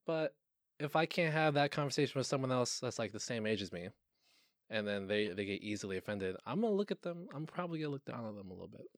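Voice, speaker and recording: A young man in casual podcast chat, swearing freely and laughing often, his voice jumping high when excited. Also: fast, no echo, studio quality. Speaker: podcast co-host.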